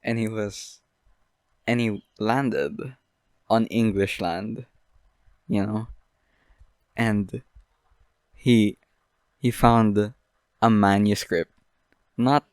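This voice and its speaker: A young man hosting a podcast, rambling through an absurd deadpan comedic monologue full of fillers. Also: lowish voice, clean tone, dry recording. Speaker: podcast host.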